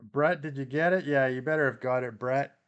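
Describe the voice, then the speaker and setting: A man's voice: mid-range voice, a little fast, a bit bright, clear, resonant tone, lo-fi sound. A man with a Canadian accent hosting a casual live stream, reading viewer comments aloud and answering them with frequent chuckles.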